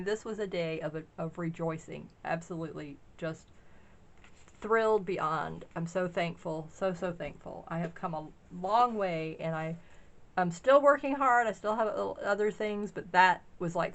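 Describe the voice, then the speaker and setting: Excitable middle-aged woman, casual haul vlog, gushing and rambling, mid-pitched voice. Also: moderate pace. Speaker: craft shop owner sharing a haul.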